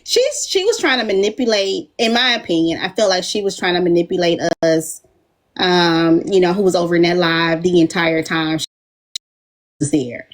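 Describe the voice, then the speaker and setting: A woman's voice: on the low side, moderate pace. A woman on a livestream giving her opinions in casual chat, with a lot of fillers and acted-out quotes. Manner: opinionated, uses many fillers.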